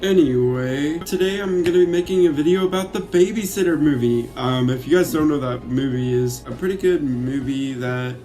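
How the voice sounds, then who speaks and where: A man's voice: a little high, moderate pace, few pauses, warm tone, faint music behind. A man casually recapping a movie he loves, rambling with many fillers and swearing freely. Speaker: YouTuber reviewing a movie.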